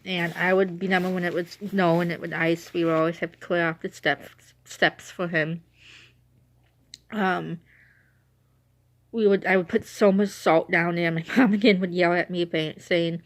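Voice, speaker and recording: A woman's voice: lowish voice, steady tone, normal speed. A young woman talking casually in a rambling, self-correcting way on her vlog, emotional as she remembers her late dog. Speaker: vlogger.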